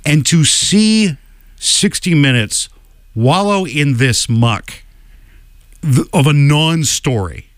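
A man's voice: a little high, expressive, slow pace, no echo. A man co-hosting a radio show in a studio, giving opinionated commentary with dry wit and emphatic repeated phrases. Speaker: radio co-host.

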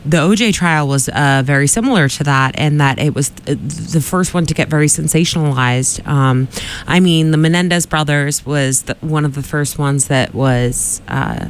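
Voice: medium pitch, normal speed, slight background noise. A podcast co-host talking casually, chatty and often restarting sentences. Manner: chatty, with frequent restarts and laughter.

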